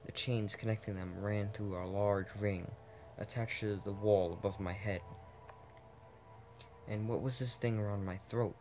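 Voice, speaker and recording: Young-sounding gamer guy reading a text game aloud, slightly low voice, trips over words, faint music behind. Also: steady tone, measured pace, darkish tone. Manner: stumbling reading with restarts and asides.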